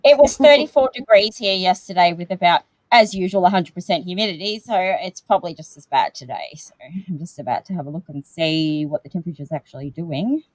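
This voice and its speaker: A woman's voice: fairly low pitch, fairly quick, few pauses, no echo, poor audio. A woman co-hosting a casual livestream from her bedroom, chatty and rambling, a bit tired and loopy from the heat. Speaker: co-host of a paranormal livestream. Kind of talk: casual chat. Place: bedroom at home. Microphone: video call setup.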